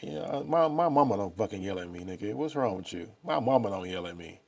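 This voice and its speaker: A young man speaks in a low, mellow voice. He rambles loosely and swears freely, talking straight to his viewers. It sounds like a casual live stream picked up by a laptop mic. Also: animated, fast, gravelly. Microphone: laptop or phone mic.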